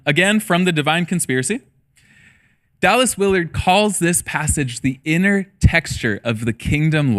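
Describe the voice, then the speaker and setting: A man's voice: fairly high pitch, a bit bright. A man in his thirties, a middle school pastor, preaching a casual sermon with personal stories and jokes. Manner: casual storytelling with jokes and laughter.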